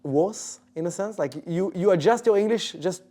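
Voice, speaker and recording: A man's voice: high voice, moderate pace, dark tone. A man as an interview guest, chatting in an easygoing, casual way and often restarting his sentences. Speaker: guest, professional esports player.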